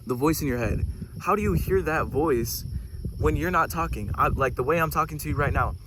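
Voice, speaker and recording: A man talking in a casual, preachy spiritual monologue, getting excited and swearing casually as he goes off on tangents. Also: fairly high pitch, brisk, background noise. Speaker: host.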